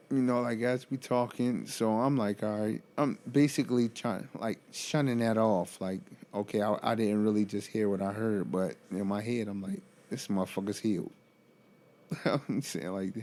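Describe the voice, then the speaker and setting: A man who works as a motivational speaker tells a story in a casual vlog, animated and profane, laughing often and breaking into incredulous exclamations. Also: fairly low pitch.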